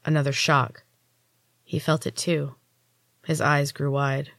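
A woman narrating a story in the first person, in an even, measured reading as a podcast host. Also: low-pitched, no echo, studio quality.

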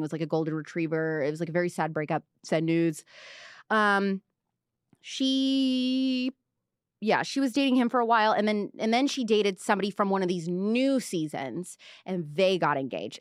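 A woman's voice: mid-range voice, smooth, no room sound, studio quality. A woman hosting a live pop culture commentary show, chatty and sarcastic, with lots of fillers and restarts. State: out of breath. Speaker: host.

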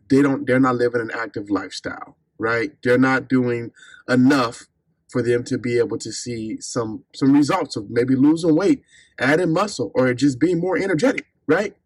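A man's voice: mid-range voice, husky, dry recording. A man hosting his own podcast as a fitness coach, chatting casually and upbeat with listeners, calling them y'all.

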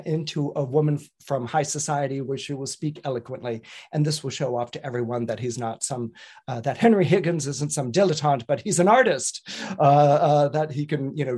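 A man's voice: a little high, darkish tone, slightly rough. A man, an astrologer, telling a story in a casual, rambling way, with frequent restarts and repeated words. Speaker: astrologer and guest commentator.

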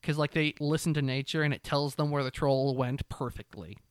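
A man's voice: mid-range voice, a little fast, clean tone, dry recording, studio quality. A young man co-hosting a casual podcast chat, retelling a plot with lots of swearing and acted-out voices. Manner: animated storytelling, swears freely, acts out characters. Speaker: podcast co-host.

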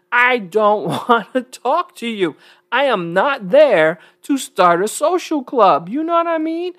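A woman's voice: a little high, lively intonation, takes it slowly, a bit bright. A woman from New York talking casually to her viewers, blunt and emphatic, with frequent chuckles. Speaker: vlogger. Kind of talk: casual talk to camera.

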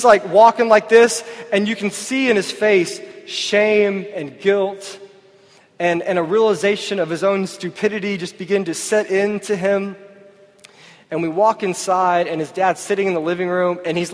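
A man's voice: high voice, steady tone, moderate pace. A pastor preaching a sermon to his church, telling a personal story in a conversational way. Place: church service. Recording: long hall reverb.

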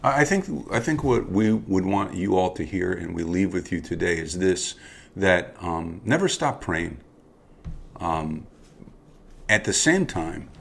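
A man's voice: low voice, gravelly, breathy edge. A man co-hosting a podcast, talking in an earnest, reflective way and often restarting his phrases. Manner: earnest, with frequent restarts and repeated words. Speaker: podcast co-host. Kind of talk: reflective conversational podcast talk.

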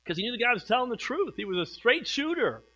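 A middle-aged man preaching a sermon, swinging from hushed, slow passages to loud, emphatic ones. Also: extremely high pitch, sing-song, rough recording. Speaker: pastor.

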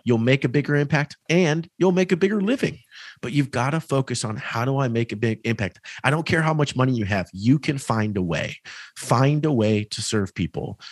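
A man in his thirties, a real estate agent on a podcast, telling a story with lively acted-out dialogue. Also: medium pitch, no room sound. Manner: animated storyteller, acts out dialogue. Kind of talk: podcast conversation.

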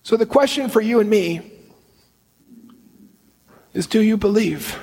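A husky, fairly high-pitched male voice delivers an earnest sermon, slowing down to stress key points. The sound carries a long reverb, like a church hall. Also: animated, darkish tone. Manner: earnest storytelling preacher, slow deliberate emphasis. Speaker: priest.

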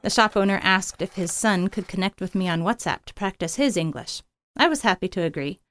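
A woman's voice: medium pitch, brisk, no echo. Earnest woman reading a missionary story. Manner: earnest, gentle first-person reading. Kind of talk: scripted narration.

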